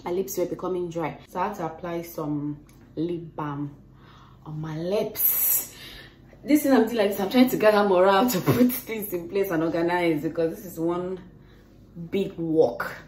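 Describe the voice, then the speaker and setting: A woman's voice: on the low side, normal speed, a little mellow. A woman, chatting casually and laughing often in a vlog recorded on her phone. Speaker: vlogger. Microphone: phone held while vlogging.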